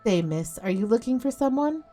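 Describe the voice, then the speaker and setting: A woman voicing a small frightened child who is looking for its parents, in a plaintive, slow way. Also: a little high, expressive, warm tone, soft background music, voice pushed up. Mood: timid.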